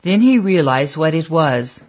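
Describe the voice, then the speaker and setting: Measured audiobook narrator, lo-fi. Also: medium pitch, animated.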